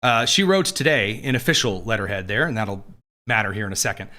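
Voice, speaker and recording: A man's voice: on the low side, lively intonation, a little fast, sharp tone. A man hosting a live political commentary show, talking in a sarcastic, mocking way.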